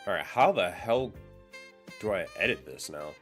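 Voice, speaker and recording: Low-voiced streamer muttering over settings. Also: male voice, animated, moderate pace, fairly bright tone, faint music behind. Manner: swearing, muttering while fiddling with audio settings. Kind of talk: casual live-stream chat.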